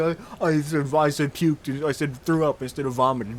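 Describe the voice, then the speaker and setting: A man's voice: fairly high pitch, fairly quick, hardly any pauses, a little hiss or hum. A man hosting a podcast, telling a crude, embarrassing story while laughing throughout. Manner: laughs constantly, crude and animated. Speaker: podcast host. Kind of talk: comedic storytelling chat.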